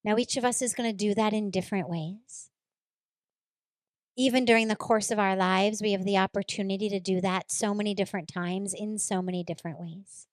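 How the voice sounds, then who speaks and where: A woman's voice: mid-range voice, fairly even intonation, fairly quick, dry recording. A woman spiritual teacher giving a reflective talk, earnest and repeating phrases for emphasis as she tells a personal story.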